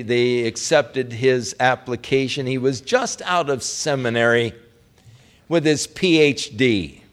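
Telling a personal story from the pulpit, a preacher alternates quiet, low stretches with louder, heartfelt ones.

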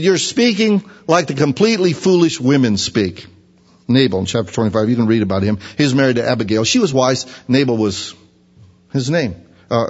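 A man preaching a conversational sermon, acting out everyday voices with a pitch jump. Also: breathy edge. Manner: conversational, acts out imagined voices in a higher pitch. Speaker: pastor. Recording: dull reverberant hall sound.

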